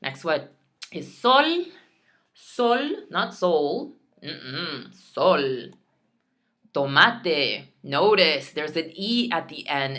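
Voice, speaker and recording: A woman teaching a recorded Spanish lesson, sounding out each word slowly and clearly, with chatty, self-teasing asides. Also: sits low, fairly bright tone. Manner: clear, drawn-out pronunciation drills.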